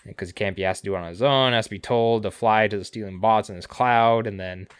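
Sarcastic man recapping, smooth low voice. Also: fast talker, dry recording. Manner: sarcastic, swears a lot, acts out characters' lines. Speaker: podcast co-host. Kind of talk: casual recap chat.

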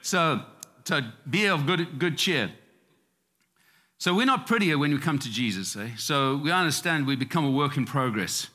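A man's voice: a little high, animated, moderate pace, pushed and bright. A man who grew up in Zimbabwe preaching a sermon in a loose, conversational way, chuckling often and restarting phrases. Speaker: pastor. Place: church sanctuary. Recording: long reverb of a church hall.

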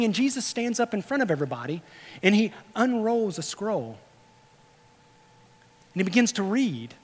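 A male pastor preaching a sermon, animated, swinging between loud emphasis and hushed, quiet storytelling. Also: extremely high pitch. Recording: long hall reverb.

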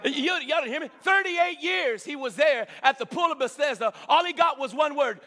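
A man preaching a sermon with emphatic repetition, rising to shouts. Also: extremely high pitch, normal speed, few pauses.

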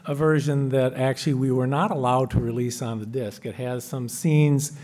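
A man's voice: mid-range voice, steady tone, normal speed, darkish tone. Man addressing a convention audience. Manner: addresses audience directly, hesitant. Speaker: panelist. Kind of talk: live convention panel talk. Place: convention panel room.

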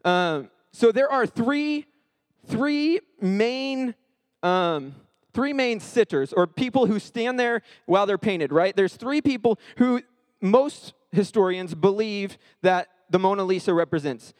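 A man's voice: high voice, lively intonation, slow, big-room sound. A man leading a Bible study in a conversational way, often checking in with his listeners. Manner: conversational, keeps checking in with "right?". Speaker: Bible teacher.

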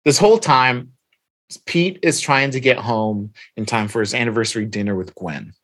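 A man in casual chat, retelling a comic story with lively acted-out dialogue. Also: mid-range voice, normal speed, no echo. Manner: animated retelling, reads captions aloud and acts out dialogue. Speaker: podcast co-host recapping comics.

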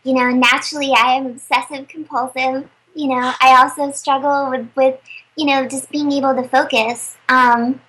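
Brief: young woman voice actor, high and bright, chatty interview guest. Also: moderate pace, breathy edge, low-quality recording. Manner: chatty, animated storyteller with many fillers. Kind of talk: casual interview chat.

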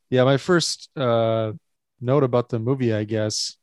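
A man's voice: mid-range voice, clean tone, no room sound, clean studio sound. A man co-hosting a podcast, chatting casually about a film and laughing often. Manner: laid-back, laughs often. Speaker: podcast co-host. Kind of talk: casual movie chat.

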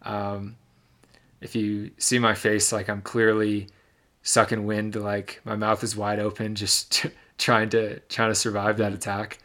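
A man's voice: lowish voice, monotone, measured pace, fairly bright tone. A young man from Michigan, a podcast co-host, giving a detailed, reflective recap of a race in casual storytelling.

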